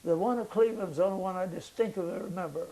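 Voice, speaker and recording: An older man, a veteran, recounting his memories in an oral history interview, pausing often with fillers as he searches for details. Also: sits high, warm tone, rough recording. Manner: halting recollection with many fillers.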